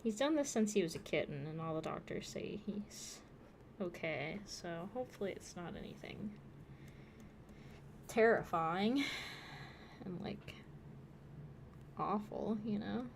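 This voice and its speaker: A woman's voice: mid-range voice, expressive, a little slow, vocal fry, long pauses. Brief: woman artist chatting unhurriedly while drawing at home, rambling asides, noisy home mic. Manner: rambling self-talk with frequent soft laughs; coos baby talk to her cat. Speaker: digital artist streaming her drawing. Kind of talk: casual chat while drawing. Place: at home with a pet cat.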